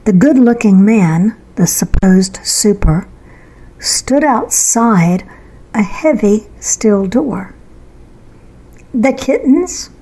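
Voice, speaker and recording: A woman narrating her own true story in a measured, suspenseful way. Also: mid-range voice, lively intonation, dark tone, rough recording. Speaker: author and narrator.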